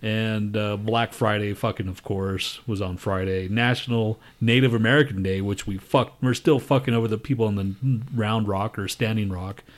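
Low-voiced man ranting and swearing. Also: fairly even intonation, normal speed, few pauses. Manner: profane and loud, ranting. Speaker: podcast co-host. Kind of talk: casual banter.

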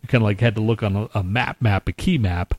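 A man co-hosting a podcast, rambling in loose banter full of "man" and "freaking." His voice sits low, and the sound is dry and close. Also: fast talker, dry recording. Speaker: podcast co-host. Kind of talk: casual chat.

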